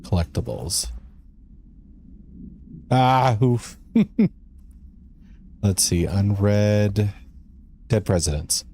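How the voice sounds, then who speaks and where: A man's voice: on the low side, expressive, drawn-out words, long pauses, warm tone, a little hiss or hum. A man streaming a game live, chatting casually with his viewers and reading in-game letters aloud.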